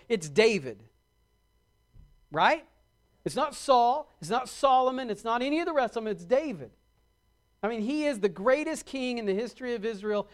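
Male pastor, middle-aged, high voice, preaches with mounting emphasis. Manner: preaching with rising emphasis and quick acted-out asides. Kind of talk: sermon.

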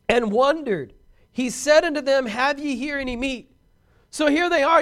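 A man preaching a sermon, animated and emphatic, with touches of humor and repeated words for stress. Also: extremely high pitch, normal speed.

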